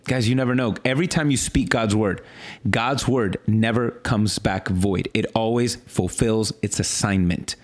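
A man, a pastor, talking through his sermon in a casual, animated way, often restarting and stuttering, swinging between high exclaims and low earnest lines. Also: normal speed. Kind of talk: casual sermon follow-up talk.

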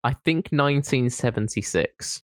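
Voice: mid-range voice, a little slow, no room sound. Co-host, comic banter, mocking and giggly, dry sound. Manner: teasing, mocking, laughs often. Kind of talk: casual comedic chat.

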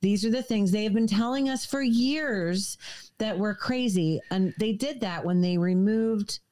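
A woman talks as a podcast guest in casual chat. She speaks earnestly and cuts in to add to her husband's story. Her pitch is in the middle range. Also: a little slow, mellow.

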